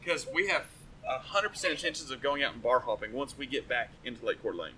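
A man casually telling a rowdy story on a podcast, animated and swearing, laughing often. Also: mid-range voice, fast, a crowd in the background, rough recording.

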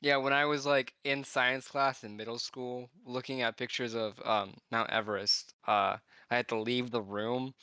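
Smooth, bright-voiced joking man. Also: mid-range voice, fairly even intonation, moderate pace, few pauses, no room sound. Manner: joking asides, laughs often. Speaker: podcast co-host. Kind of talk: casual movie chat.

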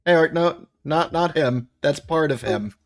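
A player in a tabletop game, lively and playful. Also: medium pitch, measured pace.

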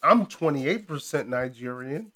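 A man hosting a casual chat with a friend, talking loud, profane and animated, often laughing. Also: mid-range voice, measured pace. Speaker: podcast host.

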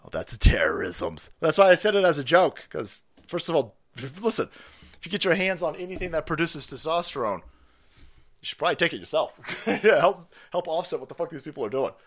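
A man ranting on a live stream, loud, profane and mocking, slipping into sarcastic voices. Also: a little high, fairly quick.

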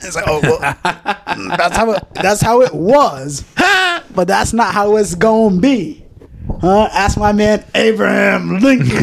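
A man's voice: high-pitched, slow pace, creaky, slight background noise. A man hosting a casual podcast chat, ranting profanely and laughing often.

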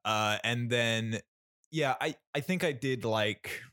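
A man's voice: mid-range voice, slow, bright, forceful tone, clean tone, no room sound, clean studio sound. A man co-hosting a podcast, casually reviewing a film, rambling with many fillers and restarts. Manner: rambling, lots of fillers and restarts, laughs often. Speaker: podcast co-host.

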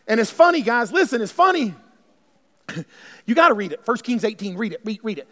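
A male pastor, preaching with fervour, calling out to his congregation and swinging from hushed lines to shouts. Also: extremely high pitch, lively intonation, brisk. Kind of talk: sermon. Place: church sanctuary. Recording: long hall reverb.

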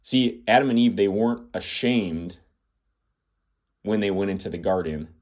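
A man's voice: fairly low pitch, normal speed, a little mellow. A man hosting a podcast, preaching earnestly to the listener with emphatic, repeating phrases. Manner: earnest, addresses listener as "my friend". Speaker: podcast host. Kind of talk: preaching monologue.

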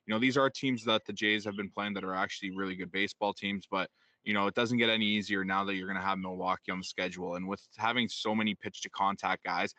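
A man's voice: fairly low pitch, steady tone, fast talker, sharp tone, dry recording. A man co-hosting a sports podcast, rambling in casual talk with many fillers. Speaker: podcast co-host.

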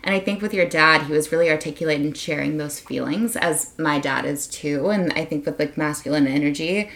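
Low-voiced tipsy young woman, earnest. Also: a little fast, gravelly, fairly bright tone. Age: young adult. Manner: rambling and earnest, fond of big words. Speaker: podcast guest, host's friend. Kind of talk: casual podcast chat.

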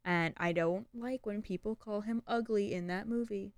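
A woman's voice: mid-range voice, dry recording. A young woman co-hosting a podcast, chatting casually with lots of "like" fillers. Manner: chatty, speaks in quick bursts with many "like" fillers. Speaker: podcast co-host. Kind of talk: casual chat.

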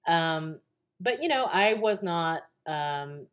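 A woman's voice: lowish voice, expressive, takes it slowly. A woman guest on a podcast, telling a story casually with lots of fillers, restarts and laughter.

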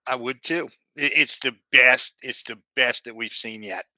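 Bright-voiced man on a dull line. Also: mid-range voice, measured pace, dry recording. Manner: brief agreeing interjections. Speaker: podcast co-host. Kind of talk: casual review chat.

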